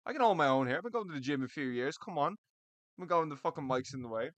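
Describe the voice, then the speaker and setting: A man's voice: fairly high pitch, animated, fast talker, dry recording. A young man, ranting bluntly and profanely as the host of an opinionated video about fans of a combat sport. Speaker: MMA commentary vlogger. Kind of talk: opinionated solo rant to camera.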